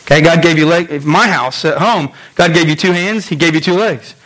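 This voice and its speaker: A man pastor preaching a sermon in a lively storytelling way, acting out voices and making quick asides. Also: fairly high pitch, rough recording.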